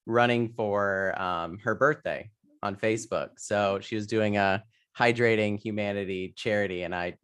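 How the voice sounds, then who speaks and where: A man answering the host in casual conversation, speaking haltingly with small restarts. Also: on the low side, fairly bright tone.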